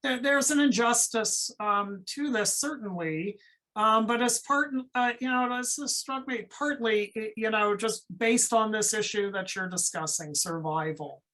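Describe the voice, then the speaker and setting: A woman's voice: a little high, measured pace, fairly bright tone, rough recording. A woman moderating an academic webinar over a video call, speaking thoughtfully and at length with fillers.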